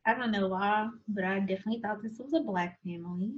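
A woman's voice: mid-range voice, fast. A woman in casual chat who teases and questions her co-host. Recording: dull lo-fi sound.

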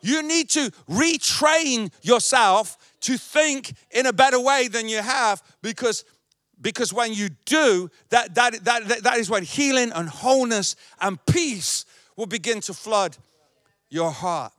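A man's voice: very high-pitched, expressive, unhurried, fairly bright tone, no echo, studio quality. A male pastor preaching a sermon, emphatic and repetitive.

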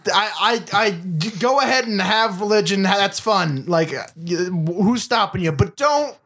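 A man co-hosting a podcast, chatting casually and crudely about a movie, rambling and acting out scenes in quick quoted voices. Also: sits high, lively intonation, a bit bright. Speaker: podcast co-host. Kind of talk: casual comedic movie chat.

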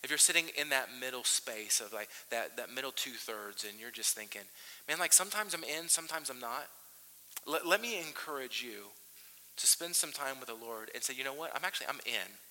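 A pastor in his thirties preaches in a large church, telling stories with plenty of restarts. His voice is very bright and cutting, and it rings out with the long reverb of the hall. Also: mid-range voice, fairly quick. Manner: animated storytelling with frequent restarts. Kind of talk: sermon.

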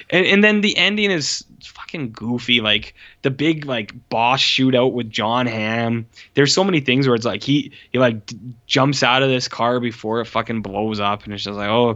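A man's voice: mid-range voice, moderate pace, bright, forceful tone. A man chatting casually on a podcast, rambling with constant "like"s and blunt, cursing opinions. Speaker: podcast co-host reviewing a movie. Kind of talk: casual chat. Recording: dull lo-fi sound.

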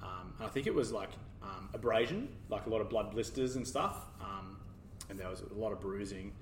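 Man, low voice, animated storyteller, distant mic, echoey room with faint hiss. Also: a little fast. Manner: animated, laughing while telling a mishap story. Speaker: podcast guest. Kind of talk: casual storytelling. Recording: roomy, distant, faint background noise.

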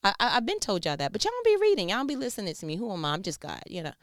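A woman's voice: medium pitch, wildly swooping pitch, rapid-fire, dry recording, studio quality. A woman voicing God as a casual, exasperated speaker who scolds in slang. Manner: laid-back slangy scolding.

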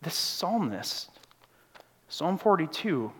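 A pastor preaching a sermon in a church, moving between loud, urgent passages and quiet, hushed ones. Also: male voice, on the high side, very animated, slow pace, slightly rough. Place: church sanctuary. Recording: long church reverb.

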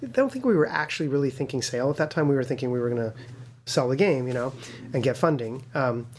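Guy rattling off a story quick, does the voices of people he quotes, lots of um and uh. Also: medium pitch, a little hiss or hum. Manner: lively storyteller who acts out quoted voices; many fillers and restarts. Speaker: game studio co-founder, guest. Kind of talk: casual storytelling in an interview.

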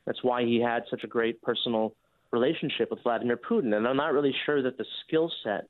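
A man's voice: medium pitch, no echo. Male guest on a tinny phone line. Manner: earnest, critical, measured. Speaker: guest commentator. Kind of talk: phone-in interview.

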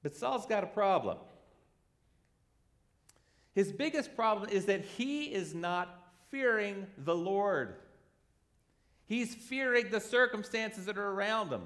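Male pastor mid-sermon, high, lively delivery, acts out the quotes. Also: slow pace, pauses often. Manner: animated, acts out quoted voices.

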